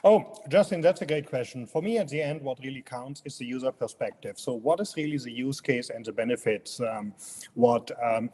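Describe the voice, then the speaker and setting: A man's voice: medium pitch, dark tone, a little hiss or hum. A man in his fifties with a strong German accent, speaking as an interview guest, friendly and hesitant with many fillers. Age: 50s. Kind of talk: casual interview.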